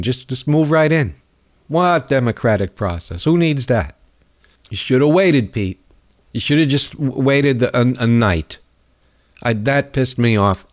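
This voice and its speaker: A man hosting a show, ranting sarcastically about politics, his voice stuffed up with a cold. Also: medium pitch. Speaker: podcast host. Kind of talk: political commentary rant.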